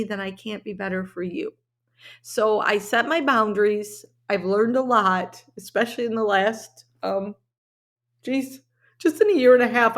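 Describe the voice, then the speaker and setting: A woman's voice: a little high, fairly bright tone. A woman hosting a solo podcast, talking in an earnest, heartfelt and chatty way with plenty of fillers. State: briefly emotional. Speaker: podcast host. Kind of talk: solo motivational podcast talk.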